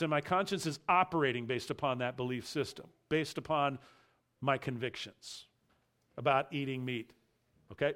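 A man preaching an expository sermon, emphatic, repeating key phrases and slowing down to stress them. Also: fairly high pitch, a bit bright. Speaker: pastor.

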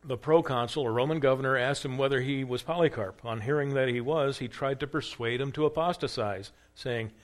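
A man's voice: medium pitch, a little fast, hardly any pauses. A man teaching church history in a conversational lecture, asking the class questions and acting out quoted lines. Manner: conversational, acts out quoted dialogue with rising emphasis.

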